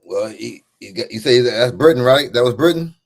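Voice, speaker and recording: A man's voice: medium pitch, expressive, a little fast, creaky. A man co-hosting a casual talk show, chiming in with short agreements and hesitant remarks. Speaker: co-host.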